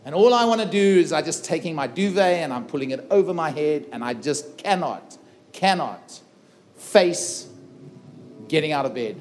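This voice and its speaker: A man's voice: a little high, expressive, moderate pace, darkish tone. A middle-aged man from South Africa, giving an earnest stage talk that tells a personal story and acts out the dialogue in it. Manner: earnest, dramatic retelling with acted-out dialogue. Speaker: keynote speaker. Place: festival stage before a live audience.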